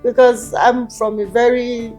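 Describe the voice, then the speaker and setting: This is a woman, a singer, speaking candidly as an interview guest. Her voice sits a little high, and she tells her stories animatedly, slipping into other people's voices whenever she quotes them. Soft music plays faintly beneath her. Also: flat delivery, a little slow.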